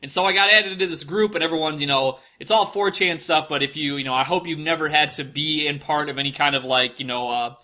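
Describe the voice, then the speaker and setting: A young man with a very bright, ringing voice that sits a little high tells a personal story. He rambles through a casual monologue, piling on fillers and frequent swearing. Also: brisk, few pauses. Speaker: podcast host telling a personal story.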